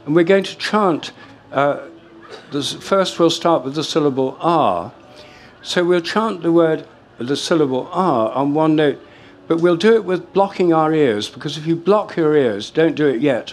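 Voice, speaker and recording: An older man giving a talk to a live audience in a lecture room, explaining in a measured way with frequent fillers and restarts. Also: fairly high pitch, slight background noise.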